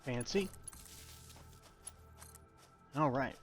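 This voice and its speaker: A man's voice: mid-range voice, expressive, extremely slow, a bit bright, faint music behind. A young man giving casual, rambling tutorial commentary while playing a factory-building game, with self-deprecating asides. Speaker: gaming YouTuber.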